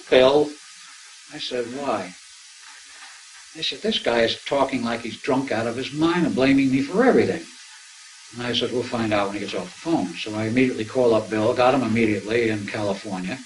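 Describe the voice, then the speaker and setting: A man's voice: mid-range voice, brisk, a little hiss or hum, low-quality recording. An older man telling a long story to an audience, acting out remembered dialogue as he goes. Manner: anecdotal, acts out remembered dialogue. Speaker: speaker recounting his experiences.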